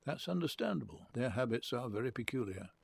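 A man reading aloud who plays an earnest, odd young man. The young man teases gently, then turns curt and touchy. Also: mid-range voice, sing-song, fairly quick, gravelly, breathy edge, heavily acted. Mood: teasing.

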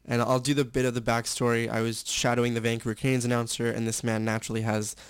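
A man's voice: medium pitch, level tone, quick pace, smooth, no room sound. A young man, a stadium announcer and actor, chatting candidly as an interview guest with many fillers and restarts. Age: young adult. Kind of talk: casual interview chat.

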